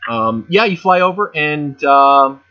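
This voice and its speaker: A man's voice: on the high side, lively intonation, slow. A man running a tabletop game over voice chat, describing scenes in a chatty way full of fillers and asides. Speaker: game master. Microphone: home voice chat mic. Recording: muffled voice chat audio.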